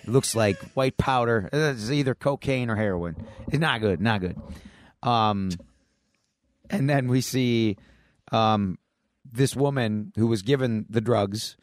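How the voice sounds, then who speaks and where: This man speaks at a slow pace in a medium pitch, with no room sound. He's co-hosting a podcast and chatting casually, stumbling through a comic plot retelling with plenty of fillers and fresh starts.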